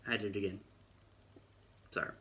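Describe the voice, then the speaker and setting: A man's voice: lowish voice, fairly even intonation, a little fast, bright, forceful tone. A young man recounting his experience in a casual, rambling, self-deprecating storytelling vlog. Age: young adult. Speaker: vlogger.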